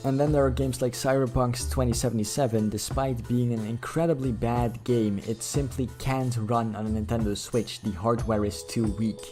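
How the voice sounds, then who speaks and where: A man's voice: mid-range voice, fairly even intonation, normal speed, hardly any pauses, dark tone, soft background music. A man hosting a reaction video, answering a clip with blunt, sarcastic, profane rebuttals. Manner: sarcastic, blunt, swears freely.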